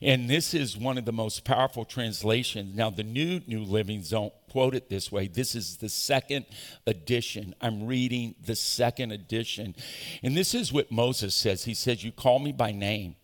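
A male pastor preaching an animated sermon, calling on the congregation to answer back. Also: lowish voice, normal speed. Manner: animated preaching with call-and-response. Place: large church auditorium. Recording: echoey church hall.

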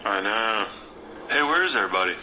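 An actor playing a dazed scientist who talks like a laid-back surfer dude, in a TV clip. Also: male voice, fairly low pitch, animated, heavy background noise, natural voice. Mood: spaced-out. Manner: slow, spaced-out surfer drawl. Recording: TV clip under loud music.

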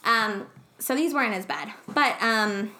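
A woman's voice: a little high, unhurried, sharp tone. A young woman co-hosting a podcast, telling a rambling, giggly story full of fillers. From not from the U.S. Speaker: podcast co-host. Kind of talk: casual chat.

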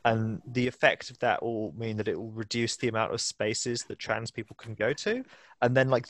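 A man's voice: on the low side, a bit bright, no echo. A man co-hosting a podcast, explaining at length with many fillers. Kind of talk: casual podcast discussion.

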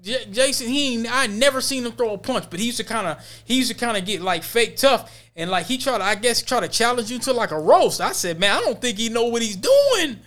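A young man with a high, bright, ringing voice tells a story in casual podcast talk. He throws himself into the tale and acts out other people's lines as he goes. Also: brisk, few pauses. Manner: animated storyteller, acts out quotes with laughter. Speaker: podcast co-host.

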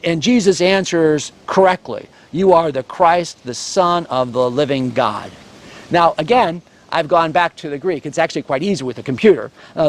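A middle-aged male pastor preaching a sermon, stressing key words and adding light asides. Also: on the high side.

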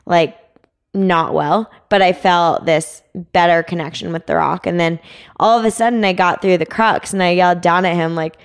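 A woman's voice: lowish voice, fairly even intonation, moderate pace, vocal fry, clean tone. A young woman telling a climbing story in a casual interview, chatty with many fillers. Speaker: climbing guest.

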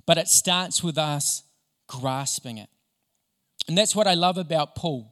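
Male pastor, lively storyteller, slightly high voice, big reverberant hall. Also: a little slow. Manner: animated, enthusiastic storyteller. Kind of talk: sermon with storytelling.

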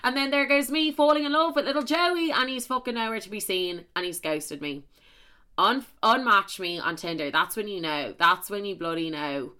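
A woman's voice: medium pitch, normal speed, pushed and bright. A young Irish woman telling a story in a casual chat to camera, swearing freely and filling her talk with "like". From Ireland. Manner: chatty, swears a lot, full of "like" fillers.

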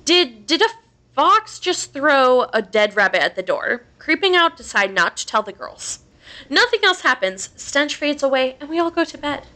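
Bright-voiced woman reading a creepy tale. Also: high-pitched, big pitch swings, moderate pace. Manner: casual, swears freely, laughs between lines. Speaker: podcast host. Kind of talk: reading a horror story aloud.

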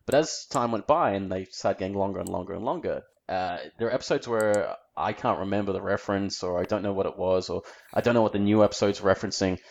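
A man's voice: low-pitched, fast, vocal fry, few pauses, highs cut off. An Australian man chatting casually as a podcast co-host, rambling easily and searching for his words. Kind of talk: casual chat.

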